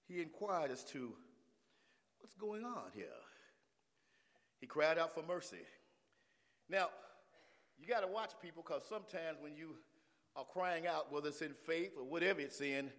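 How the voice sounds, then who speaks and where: A man preaching a sermon, moving from easy talk to shouted, rising calls and back. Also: fairly high pitch, long reverb tail. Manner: builds from talk to shouting, call and response. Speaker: pastor.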